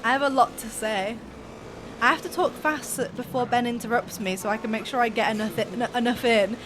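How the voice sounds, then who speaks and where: A young woman from near Birmingham with a softened Birmingham accent, chatting fast and a bit mumbly as she co-commentates a game stream. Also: fairly high pitch, steady tone, noisy background. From England, near Birmingham. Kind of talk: casual chat over gameplay.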